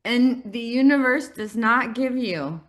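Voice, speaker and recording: Slow-spoken reflective woman. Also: a little high, expressive, a bit bright. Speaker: podcast co-host. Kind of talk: casual chat.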